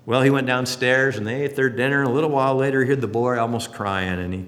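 A man's voice: medium pitch, quick pace. A man preaching a sermon as pastor, telling stories and acting out the voices in them. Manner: animated storytelling, acting out voices in quotes. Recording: long hall reverb.

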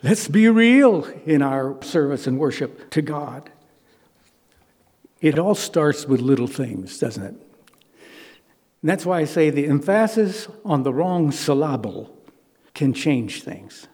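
A male pastor delivers a sermon in earnest, conversational tones, tossing rhetorical questions to his listeners. His voice sits a little high, with a dark, husky timbre. The sound carries a long reverb, as if it were filling a church hall. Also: sing-song, takes it slowly, long pauses.

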